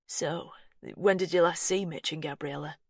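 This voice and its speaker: A woman voicing a worried, protective young man in an audiobook, speaking with steady concern. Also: low-pitched, normal speed, creaky, slightly rough, no echo, clean studio sound, exaggerated voice.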